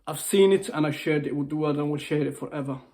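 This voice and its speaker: A man's voice: fairly high pitch, quick pace, mellow. A male motivational speaker gives an upset, emotional video message. He pleads, repeats himself and restarts his phrases. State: upset, near tears. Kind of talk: impassioned personal video message.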